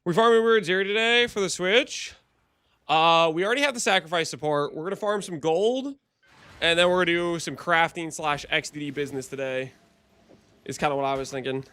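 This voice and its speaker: A man streaming a game live, chatting casually, answering his chat and clearing his throat often, his voice a bit hoarse. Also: a little high, fairly quick, pushed and bright. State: hoarse-sounding voice.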